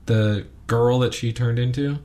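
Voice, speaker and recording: A man co-hosting a podcast, chatting casually and ranting with animated asides. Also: mid-range voice, a little slow. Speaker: podcast co-host.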